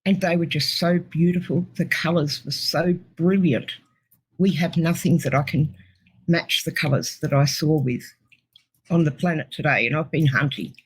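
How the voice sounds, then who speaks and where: A woman's voice: low voice, normal speed, slightly rough, rough recording. A middle-aged Australian woman with an Australian accent, earnestly telling her near-death experience as a guest. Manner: earnest, emotional storytelling. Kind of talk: personal testimony.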